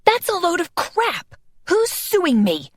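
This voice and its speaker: A woman narrator voicing a fiery, hot-tempered female vampire who snaps and shouts at her accusers. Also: mid-range voice, sing-song, a little slow, dry recording, clean studio sound. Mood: furious. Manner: shouting, combative.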